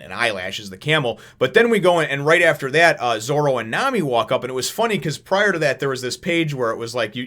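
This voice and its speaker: This comic review channel host, a man in his thirties, chats casually from home with a mid-range, slightly bright voice. He's eager and meandering, often starting sentences over and performing the quotes he reads.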